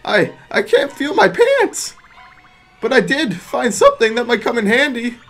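A tiny, frightened mushroom servant, squealed out by a man reading a game's text. The voice shoots up into a thin, shrill falsetto and wobbles wildly. Soft game music runs behind. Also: wildly swooping pitch, unhurried, full character voice. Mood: panicked. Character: panicky little mushroom servant.

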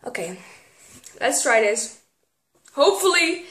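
A teenage girl, filming a casual vlog and getting excitable, squealing when something pleases her. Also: a little high, slow pace. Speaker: vlogger. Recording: echoey room.

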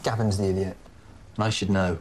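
An actor playing a cheeky, laid-back young British man in a sitcom, talking deadpan. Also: deep voice, brisk, slight background noise, close to an everyday voice. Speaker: Dan, a lazy young man house-sitting.

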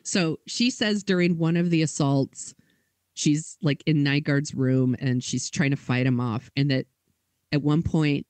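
Brief: fairly high male host, dry close sound, chatty storyteller who keeps slipping into quoted voices. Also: steady tone, unhurried, a little mellow, no echo. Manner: casual, filler-heavy retelling with acted quotes. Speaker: podcast host. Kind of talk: casual podcast storytelling.

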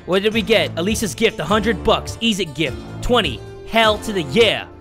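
A man giving excitable let's play commentary on a video game, with profane, loud outbursts. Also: sits high, moderate pace, music in the background. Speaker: gaming video host.

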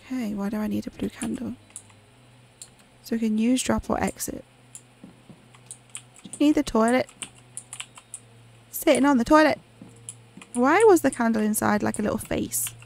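A woman's voice: a little high, creaky, a little mellow. A woman chatting casually while she plays a pixel horror game, reacting aloud to what she sees. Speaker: gaming channel host. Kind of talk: casual let's-play commentary.

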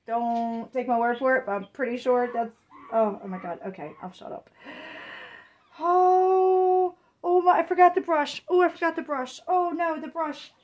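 A woman who collects reborn dolls, gushing breathlessly in an excited unboxing vlog and shaky with excitement. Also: high-pitched, moderate pace, muffled recording.

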